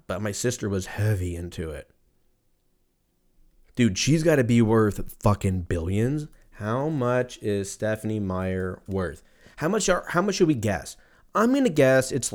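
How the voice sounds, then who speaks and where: A man in his thirties with a low, slightly mellow voice hosts a podcast, delivering a casual rant that's profane, rambling, and sarcastic.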